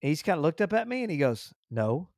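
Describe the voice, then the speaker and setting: A man hosting a podcast, telling a story with lively acted-out dialogue and frequent repeated words. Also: on the high side, quick pace, no room sound, clean studio sound. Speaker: podcast host. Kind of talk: casual storytelling interview.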